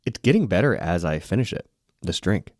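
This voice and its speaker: A man's voice: low voice, very animated, a little fast, a little mellow, dry recording, clean studio sound. A man co-hosting a podcast in casual chat over drinks, rambling and self-deprecating, a bit tipsy, swearing freely. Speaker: podcast co-host.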